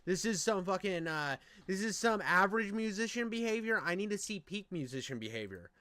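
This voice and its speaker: A man's voice: high-pitched, lively intonation, fairly quick, sharp tone. A young man doing crude, mocking reaction commentary in profane bro-speak.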